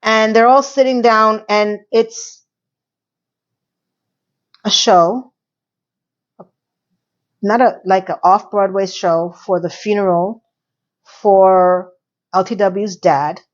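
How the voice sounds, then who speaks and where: A woman casually recapping and reviewing a TV episode, animated and sarcastic, swinging between loud and soft. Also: medium pitch, takes it slowly, long pauses, dull audio. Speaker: TV review vlogger.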